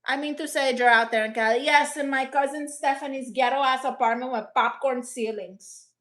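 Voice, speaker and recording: A high-pitched woman hosts a casual live chat and answers viewer comments in a blunt, sassy way. Her tone is bright and sharp, and she sprinkles Spanish exclamations into her talk. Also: steady tone, moderate pace. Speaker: livestream host reading viewer comments. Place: rented apartment indoors.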